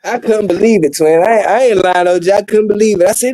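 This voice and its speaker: A man telling a story in casual chat, animated, acting out the voices of the people in it and laughing often. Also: high-pitched, quick pace, rough recording. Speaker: podcast host.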